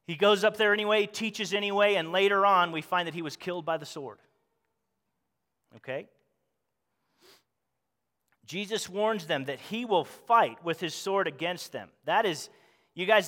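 A man's voice: high-pitched, lively intonation, moderate pace, bright, forceful tone. A man preaching a sermon as pastor, earnestly asking the congregation questions. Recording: long hall reverb.

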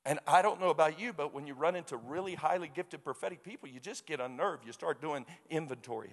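A male preacher tells a story from the pulpit, slipping into the voices of the people in it. His voice sits a little high for a man. A long reverb trails each phrase, as in a large hall. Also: quick pace, few pauses. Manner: animated storyteller acting out quoted voices. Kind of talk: sermon storytelling.

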